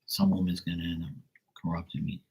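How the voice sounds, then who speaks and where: A man's voice: deep voice, monotone, fairly quick, creaky, a little mellow, slight background noise. A man giving casual, profane tarot readings on a livestream, chatting loosely and laughing often between cards. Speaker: tarot reader.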